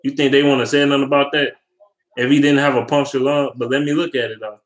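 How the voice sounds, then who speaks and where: A man's voice: mid-range voice, flat delivery, quick pace. A young man in a casual, heated sports rant, swearing a lot and rambling between points. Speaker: sports fan vlogger.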